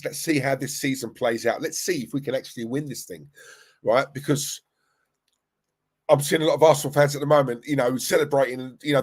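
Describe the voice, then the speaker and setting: A young man hosting a live stream, chatting casually, reading viewer comments and reacting with animated, rambling restarts. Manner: animated, rambling, restarts and laughs, pitch jumping when worked up. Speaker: fan channel live-stream host.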